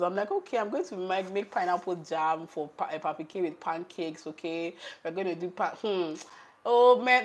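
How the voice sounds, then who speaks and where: Young Nigerian woman vlogger, lower-pitched voice, animated and chatty, laughs often. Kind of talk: casual chat while cooking.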